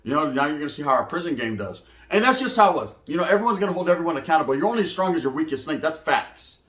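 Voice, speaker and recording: A man telling prison stories in casual slang, animated, often acting out quoted voices. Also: fairly high pitch, racing. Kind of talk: casual storytelling monologue. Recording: echoey room.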